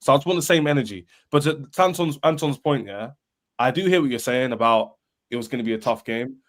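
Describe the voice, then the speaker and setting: A man, a football fan panelist, arguing in an animated, emphatic way on a podcast and repeating himself. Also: mid-range voice, fast talker. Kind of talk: heated football podcast debate.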